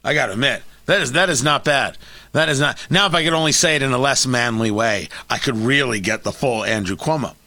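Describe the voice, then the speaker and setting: A man's voice: mid-range voice, brisk, no echo. A man hosting a talk radio show, delivering an opinionated monologue with sarcasm and mockery. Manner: sarcastic, animated, mocking.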